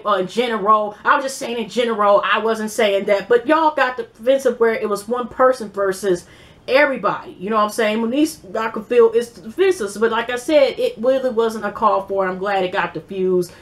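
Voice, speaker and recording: Brief: slightly high-voiced woman vlogger, loose and profane, talks in run-on asides. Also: normal speed. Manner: rambling, blunt, profane, many fillers. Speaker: YouTube TV-show reviewer. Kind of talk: casual vlog commentary.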